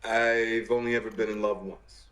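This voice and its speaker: A man's voice: fairly low pitch, little pitch movement, a bit bright, a little hiss or hum, lightly acted. An actor playing an awkward, hesitant young man recording answers for a dating profile in a video game. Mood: wistful. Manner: hesitant, halting.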